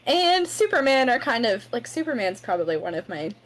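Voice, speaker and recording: A young woman co-hosting a podcast, easygoing and quick to laugh as she steers the talk. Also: on the high side, very animated, poor audio. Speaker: podcast co-host. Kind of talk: casual chat.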